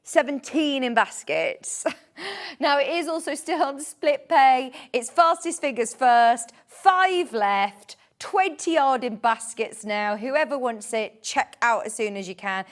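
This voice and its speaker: A bubbly woman selling fabrics on live shopping TV, her voice fairly high and bouncing lively up and down. She talks chattily to viewers and laughs easily between prices. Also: slow. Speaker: shopping channel presenter. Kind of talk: live TV sales presentation.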